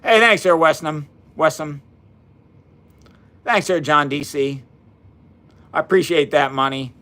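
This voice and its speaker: A cheerful man in his fifties, voice sitting a little high for a man, chats casually with his live audience from his basement. He thanks viewers one by one in a friendly, folksy way, tossing out quick asides. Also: a bit bright. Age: 50s. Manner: upbeat and folksy, greeting viewers by name. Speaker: science livestream host. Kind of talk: casual live-stream chat. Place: home basement.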